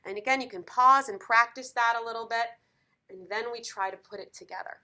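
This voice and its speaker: A woman's voice: on the high side, a little fast, pushed and bright. A woman teaching piano in a lesson video, encouraging and counting beats aloud.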